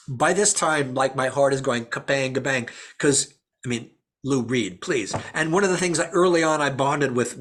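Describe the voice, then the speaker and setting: A man, an actor guest in an interview, telling anecdotes and acting out the voices of people he quotes. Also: mid-range voice. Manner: animated, acts out quoted voices. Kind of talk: storytelling interview answers.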